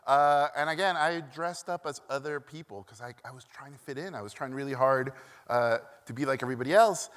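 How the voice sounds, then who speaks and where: A man's voice: medium pitch, brisk, a bit bright. A man from Mexico giving a conference keynote, telling stories animatedly with many "uh" fillers and acted-out quotes, in a large echoey hall. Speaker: keynote speaker. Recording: echoey hall from a stage mic.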